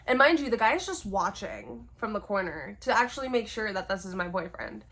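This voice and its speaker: A young woman telling a personal story to camera, candid and expressive, swearing freely. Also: mid-range voice, fairly quick. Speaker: vlogger. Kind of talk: storytime monologue.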